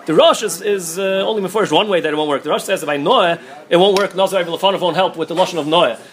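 Man, rabbi teaching Talmud, very fast delivery, frequent restarts. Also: sits high. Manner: rapid, restarts often, mixes Hebrew-Aramaic terms. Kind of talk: quick Talmud study lecture.

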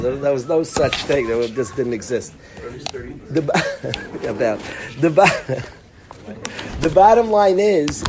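A middle-aged man casually telling a personal story, acting out the dialogue and dropping to a hush for quoted lines. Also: on the high side, background noise. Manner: animated, acts out dialogue, drops to near-whisper for quoted lines. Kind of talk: casual spoken anecdote.

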